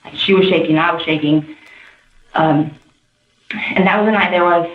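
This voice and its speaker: A woman in a police interview, telling her story in a rambling, animated way. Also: fairly low pitch, normal speed. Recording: muffled roomy interview tape.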